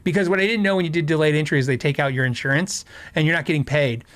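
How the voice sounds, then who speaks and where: A man's voice: on the high side, rapid-fire, a bit bright, no echo. A middle-aged man from Arizona hosting a casual livestream chat, telling stories with lots of fillers and restarts. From Arizona, USA. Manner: rambling, storytelling, frequent fillers and restarts, laughs often. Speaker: host.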